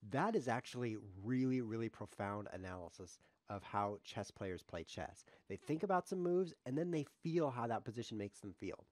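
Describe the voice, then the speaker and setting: Animated joking man, dry close sound. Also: mid-range voice, normal speed, hardly any pauses, no echo. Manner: joking, self-mocking, animated; mutters quietly while thinking over moves. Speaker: streamer. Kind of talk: live chess commentary.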